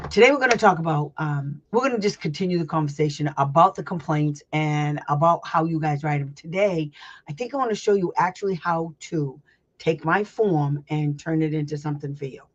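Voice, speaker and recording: Speaking at normal speed in a low-pitched voice, a woman who advocates for special education hosts a casual teaching chat. She rambles, laughs a lot, and talks bluntly with some salty language, all on a slightly dull lo-fi recording.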